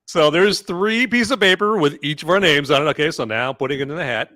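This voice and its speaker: A man's voice: fairly high pitch, fast talker, dry recording. A man hosting a comedy podcast, joking around and reading out character descriptions. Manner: jokey, animated, rambling. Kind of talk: casual podcast chat and scripted read-out.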